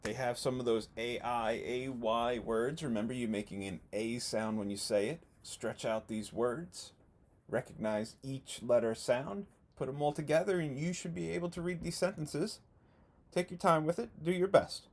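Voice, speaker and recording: Patient male first grade teacher. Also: medium pitch. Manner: slow, patient, encouraging, stretches out words. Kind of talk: remote video lesson for young children.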